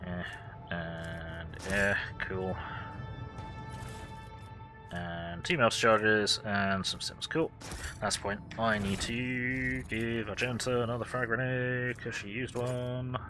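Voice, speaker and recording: A man hosting a let's play, reading game text aloud and adding casual, sardonic remarks with the odd swear word. His voice sits fairly low. Game music plays clearly behind him. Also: steady tone, slow pace. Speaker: gaming host.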